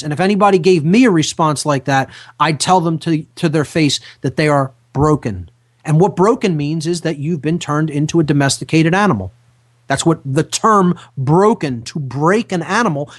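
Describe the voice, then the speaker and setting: Emphatic man hosting a radio talk show. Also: a little high. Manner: emphatic, repeats key phrases slowly.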